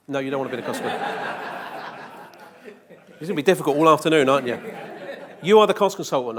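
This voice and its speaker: A man giving a live conference presentation, joking with the audience and asking rhetorical questions. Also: a little high. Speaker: conference speaker. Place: conference hall.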